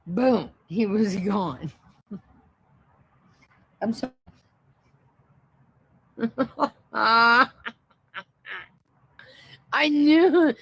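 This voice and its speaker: A woman's voice: mid-range voice, expressive, very slow, pauses often, mellow, husky, low-quality recording. A woman hosting a casual livestream, laughing constantly between phrases and swearing casually. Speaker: livestream host.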